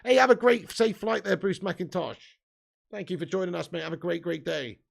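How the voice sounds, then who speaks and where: Gravelly English man hosting a watch-along stream. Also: high voice, animated, moderate pace. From England. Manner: banter-heavy, laughs often, reads comments aloud. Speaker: live stream host. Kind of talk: casual football watch-along chat reading live chat.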